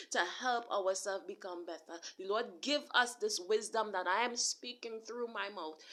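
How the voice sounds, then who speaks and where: A woman's voice: a little high, bright, forceful tone. A woman preacher delivering a casual spoken sermon to her online audience, earnest and repetitive, talking straight to the listener. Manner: earnest, repetitive preaching with restarts and direct address. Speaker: self-described prophet and preacher.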